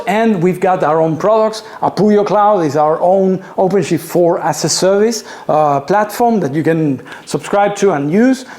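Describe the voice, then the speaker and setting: A man with a high-pitched voice presents at a live event held in an office tower. He keeps it chatty and jokey, putting questions to the audience and answering them himself. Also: darkish tone.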